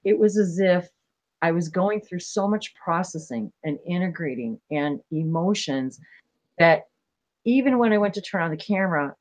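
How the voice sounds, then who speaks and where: A woman hosting a spiritual livestream, talking casually in an earnest, emotional way, rambling with many halting restarts. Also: lowish voice, expressive.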